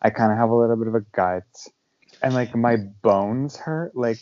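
A man's voice: medium pitch, normal speed, darkish tone, dull audio. A man co-hosting a podcast in casual chat, tired, talking in a self-deprecating way with lots of "like". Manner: chatty, peppers speech with "like", self-deprecating. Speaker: podcast co-host.

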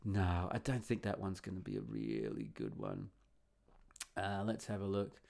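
A man's voice: low voice, very animated, moderate pace, gravelly, darkish tone. A man hosting a podcast in a casual, rambling way, muttering and humming to himself as he searches through comments. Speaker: podcast host.

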